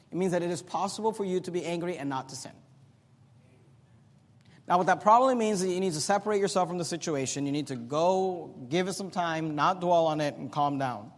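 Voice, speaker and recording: A man preaching a sermon as pastor. He swings between loud, emphatic peaks and quiet, teaching passages. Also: sits high, in a large hall.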